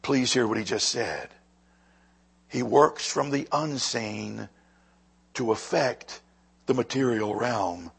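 A man preaching a sermon with a raspy voice, moving between quiet, slow emphasis and loud, lively passages. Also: mid-range voice. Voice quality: husky. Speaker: pastor.

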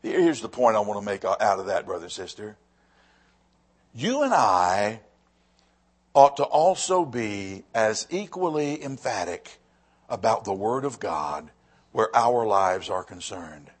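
A male pastor preaching a sermon, emphatic, often repeating his words and swinging between raised and hushed phrases. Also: on the low side, sing-song, unhurried, husky.

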